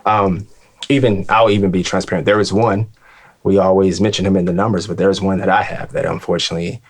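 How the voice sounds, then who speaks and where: Deep-voiced earnest man hosting a talk. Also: little pitch movement. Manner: earnest, halting, with many restarts. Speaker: host. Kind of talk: casual discussion.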